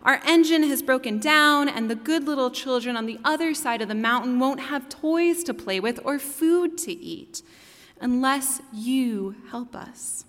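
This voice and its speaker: A chorus of desperate little storybook toys, pitched high and begging over and over, as a woman puts them on. The pleas ring out in a long hall reverb. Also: unhurried, fairly bright tone. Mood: pleading. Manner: pleading, high. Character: chorus of pleading dolls and toys.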